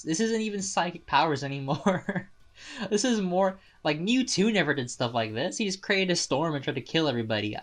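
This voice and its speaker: Excitable male anime reviewer, slightly high voice, chatty and laughing. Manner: excitable, laughs often, restarts sentences. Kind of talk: casual spoken review.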